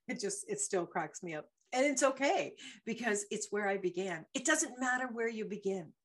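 Lively woman hosting a motivational show. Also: medium pitch, moderate pace, few pauses. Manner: animated, laughing storyteller. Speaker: host. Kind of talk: motivational talk show monologue.

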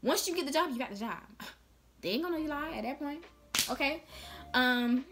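A woman's voice: high-pitched, expressive, fairly quick, fairly bright tone. A young woman vlogging to camera, giving sassy, playful tips in casual slang. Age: young adult.

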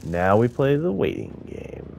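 A man giving live gameplay commentary, muttering and swearing to himself, with loud frustrated outbursts. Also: mid-range voice, huge pitch swings, a little slow, gravelly. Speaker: gaming video host.

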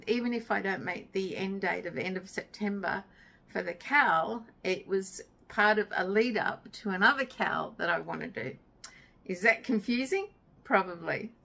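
A middle-aged woman chats unhurriedly to her viewers. Her voice carries a gravelly edge, and she gets excited and a little emotional as she goes. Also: mid-range voice, poor audio. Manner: chatty and excitable, easily moved. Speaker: craft vlogger. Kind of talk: casual chat.

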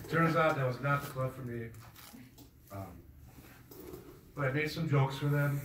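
A man doing a stand-up comedy set on a club stage, rambling in a deadpan way with many filler pauses. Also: medium pitch, slight background noise. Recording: roomy, distant mic with faint ambience.

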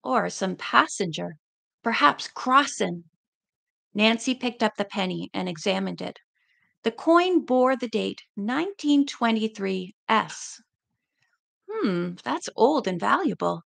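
A woman's voice: mid-range voice, expressive, a little slow, vocal fry, fairly bright tone. A woman reading a mystery novel aloud, with chatty asides between passages. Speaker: reader.

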